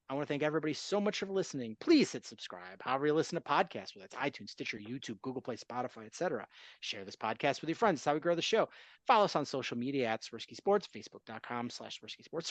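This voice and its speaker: A man's voice: mid-range voice, no echo. Chuckling male sports podcast host. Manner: chuckling, joking. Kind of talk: casual sports chat.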